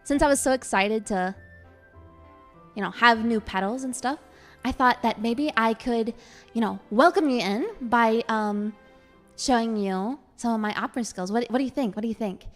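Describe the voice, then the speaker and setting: A woman's voice: fairly high pitch, moderate pace, faint music behind. A woman streaming as an elf florist character, teasing her viewers playfully and repeating words as she talks. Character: elegant female elf florist. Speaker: VTuber streamer. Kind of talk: casual debut stream chat with singing.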